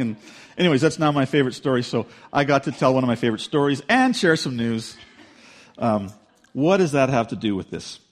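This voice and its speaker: A man giving a sermon, chatty and storytelling rather than formal. His voice sits at an ordinary middle pitch for a man. He often acts out what people said with lively shifts. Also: a little fast. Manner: conversational storytelling with lively acted-out quotes. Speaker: pastor.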